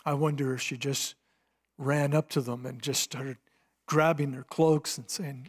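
A man preaching a sermon, retelling a scripture scene dramatically, swinging between hushed and emphatic delivery. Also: medium pitch, steady tone, unhurried, breathy edge. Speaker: pastor.

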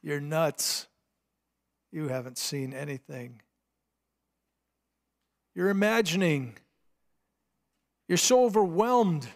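A man's voice: a little high, expressive, slow pace, creaky, pauses often, exaggerated voice. A man voicing skeptical male disciples who scold and dismiss a woman's news. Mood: scoffing.

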